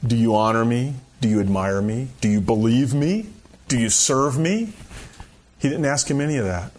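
A man giving a sermon at an ordinary middle pitch. He talks to the congregation in a relaxed, folksy way, as if chatting with them, and chuckles now and then. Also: moderate pace. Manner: conversational, folksy, with frequent "you know" and chuckles. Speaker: pastor.

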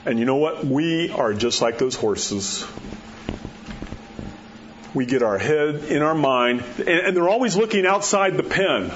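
Folksy preacher man, soft hushes. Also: a little high, expressive, a little slow, muffled recording, a little hiss or hum. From New Mexico. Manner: folksy storytelling, drops to a soft hush at key words. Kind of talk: sermon.

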